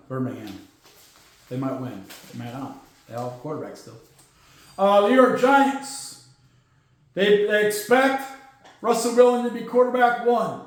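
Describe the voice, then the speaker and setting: Male sports host, blunt and sarcastic, high voice, recorded in a very echoey room. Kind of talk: casual football news commentary.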